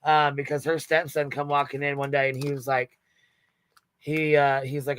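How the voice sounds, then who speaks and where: A man's voice: a little high, little pitch movement, a little fast, a bit bright. A man chatting casually on a livestream panel, swearing freely and laughing often as he retells scenes with quoted voices.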